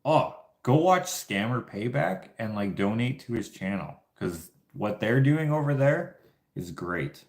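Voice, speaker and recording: A man's voice: medium pitch, very animated, a little slow, a little mellow. A man hosting a casual livestream chat, telling rambling stories with many fillers and restarts. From Canada. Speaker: livestream host. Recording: roomy echo.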